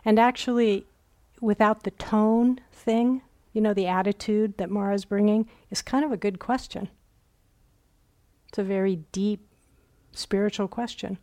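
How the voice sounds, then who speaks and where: A woman's voice: mid-range voice, steady tone, a little slow, long pauses, a little mellow. A woman meditation teacher giving a dharma talk at a retreat center, telling stories reflectively and acting out quoted inner voices.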